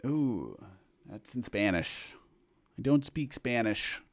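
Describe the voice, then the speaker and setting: A musician hosting a livestream for supporters chats casually from a room at home, reading out viewer comments and drifting into rambling asides, cutting himself off with fillers. His medium-pitched voice is lively but slow, and the audio is dry with little room echo.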